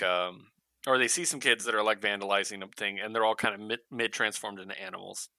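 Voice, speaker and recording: A man's voice: on the low side, bright, forceful tone, no echo, poor audio. A man co-hosting a comics podcast, retelling a story in casual chat and acting out the characters' lines with laughs.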